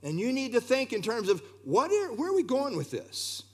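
A man preaching a sermon, expressive and talking straight to his congregation with asides. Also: very high voice, normal speed. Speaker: pastor.

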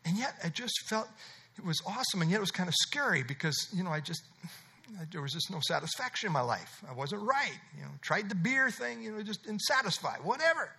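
A man's voice: high voice, big pitch swings, a little fast, creaky, pushed and bright, slightly rough. A middle-aged man preaching an expository sermon, emphatic and conversational, repeating his key phrases. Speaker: pastor.

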